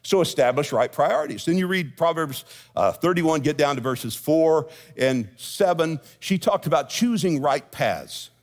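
A man's voice: on the high side, expressive, measured pace. A middle-aged man preaching a sermon as senior pastor, folksy, telling jokes and stories to his congregation. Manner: folksy storytelling with jokes and asides. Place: church sanctuary with congregation.

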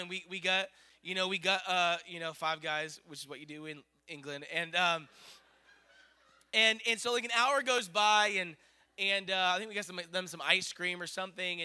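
Give me a middle-aged male pastor with a bright, high voice, excitedly telling a story in a sermon. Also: clean tone.

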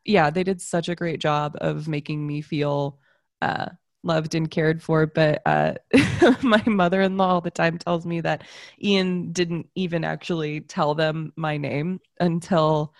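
A woman's voice: low-pitched, measured pace, no room sound. Hungover podcast lady, chatty and giggly, dry close sound. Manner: chatty, laughs often, self-deprecating. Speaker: podcast co-host. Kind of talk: casual chat.

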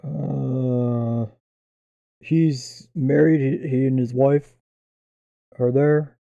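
A man with a very dark, mellow voice chimes in with short replies and quick guesses. His voice sounds dry and close, with no room echo. He talks in casual, easygoing chat. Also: mid-range voice, steady tone, creaky, highs cut off.

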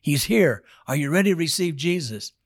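A man's voice: a little high, lively intonation, moderate pace, no echo, studio quality. A man voicing an earnest fellow inmate who urges his dying friend toward faith. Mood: urging.

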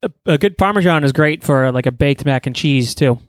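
A man with a higher voice throws blunt, cursing jokes into a podcast chat. The sound is dry and close. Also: brisk, dry recording. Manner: blunt, profane banter. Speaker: podcast co-host. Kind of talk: casual chat.

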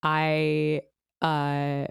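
A woman from Canada with a low, smooth voice chats as a podcast guest. She talks in a laid-back way, trailing off with ums. The sound is dry and close. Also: completely flat delivery, extremely slow, dry recording. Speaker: guest musician. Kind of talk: casual podcast chat.

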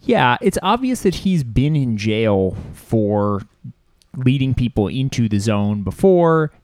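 A man's voice: medium pitch, big pitch swings, slow pace, darkish tone, no room sound, studio quality. A man co-hosting a casual podcast about a film, joking and laughing often. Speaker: podcast co-host.

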